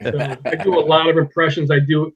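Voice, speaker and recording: Animated male comedian telling stories. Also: on the high side, fairly quick, husky, rough recording. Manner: animated storyteller, slips into impressions. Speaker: stand-up comedian, podcast guest. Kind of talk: casual interview chat.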